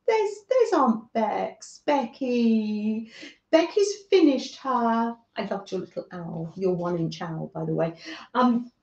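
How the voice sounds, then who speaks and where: A woman from northern England who hosts a craft livestream, chatting gently with viewers by name and often laughing as she works. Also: on the high side. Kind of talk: casual chat with live viewers while crafting. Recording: echoey room, dull lo-fi sound.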